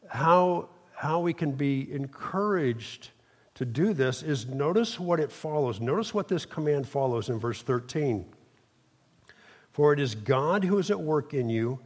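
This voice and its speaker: Preaching man in a reverberant hall. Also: medium pitch. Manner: emphatic call-and-response preaching. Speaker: pastor. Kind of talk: sermon. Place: church sanctuary.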